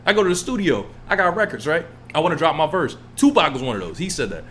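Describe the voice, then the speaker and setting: A young man co-hosting a podcast, ranting in a heated, profane, casual way and mimicking other people in low mumbled asides. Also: sing-song, quick pace, hardly any pauses, fairly bright tone, faint music behind. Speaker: podcast co-host.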